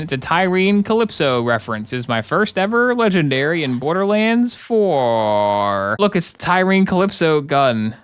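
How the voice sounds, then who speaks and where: A gaming streamer speaks at normal speed in a slightly high voice that's bright, clear, and resonant, with big pitch swings and no echo. Playing live, he makes sarcastic jokes, complains, talks to his chat, and thanks subscribers.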